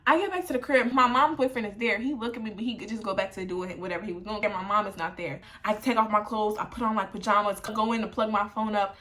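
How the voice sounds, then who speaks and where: A woman's voice: mid-range voice, steady tone, fast talker, few pauses, fairly bright tone. A young woman chatting through a storytime while getting ready on camera, slangy and laughing along. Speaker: vlogger.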